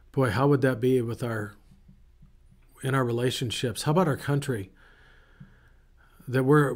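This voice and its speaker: Male pastor, mid-pitched, casual storytelling sermon with animated asides. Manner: conversational, animated storytelling with self-interruptions. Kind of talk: informal sermon.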